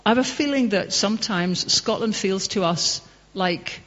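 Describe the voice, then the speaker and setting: A woman's voice: mid-range voice, normal speed, fairly bright tone. A woman from Northern Ireland answering audience questions after a public talk, conversational and passionate, telling anecdotes. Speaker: guest speaker. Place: public hall. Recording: dull echoey hall recording.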